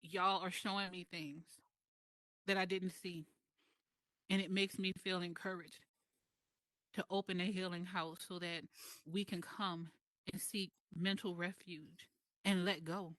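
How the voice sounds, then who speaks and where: Heartfelt woman with a slightly low voice. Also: little pitch movement, fairly bright tone, no room sound. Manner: heartfelt, slow and emphatic, pausing between phrases. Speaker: guest speaker. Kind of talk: emotional personal testimony in group voice chat. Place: online voice chat server.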